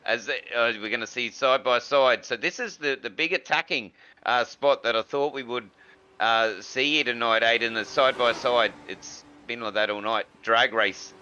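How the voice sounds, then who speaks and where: Bright-voiced male co-commentator, dull audio. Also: medium pitch, moderate pace, a little hiss or hum. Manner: relaxed, with many fillers and restarts. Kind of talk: sim racing commentary.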